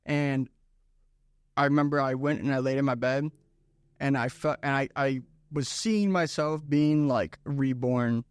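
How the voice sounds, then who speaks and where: A man's voice: medium pitch, unhurried, smooth, no room sound. A young man co-hosting a casual podcast, telling stories in a laid-back way and calling his friend bro. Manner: laid-back storytelling, says "bro" and "dude". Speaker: podcast co-host. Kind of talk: casual chat.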